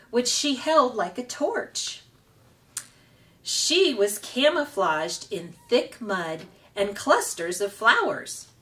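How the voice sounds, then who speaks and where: A woman reads a children's chapter book aloud as a storytime host, unhurried and expressive. Her voice rises and falls a lot and sits a little high. She sounds set back from the microphone. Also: recorded from a distance.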